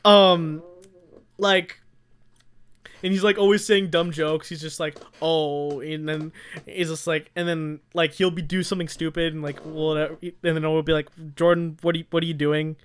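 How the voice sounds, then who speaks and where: A young man co-hosting a podcast, his voice sitting noticeably high. He tells long, rambling stories in casual chat, laughing often and slipping into his friends' voices as he acts out what they said. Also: little pitch movement, normal speed, smooth. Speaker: podcast co-host.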